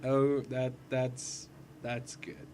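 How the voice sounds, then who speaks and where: A man's voice: medium pitch, flat delivery, very slow, noisy background. A man hosting a casual let's-play, rambling and goofy and poking fun at himself while he plays a puzzle platformer. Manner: goofy, rambling, self-deprecating. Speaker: gaming video host.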